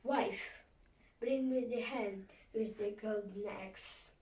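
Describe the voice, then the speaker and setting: A woman voicing a loud, bellowing male ogre in a storybook tale, recorded from a distance in an echoey room. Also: mid-range voice, slow, lightly acted. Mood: demanding. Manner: bellowing, roaring commands. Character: loud booming man-eating male giant ogre. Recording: echoey room, far from mic, faint hiss.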